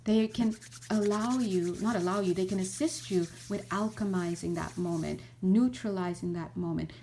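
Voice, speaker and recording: A middle-aged woman, a spiritual teacher and energy healer, giving an animated casual talk and acting out little scenes. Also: mid-range voice, moderate pace, a little hiss or hum. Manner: animated, acts out little scenes, many restarts.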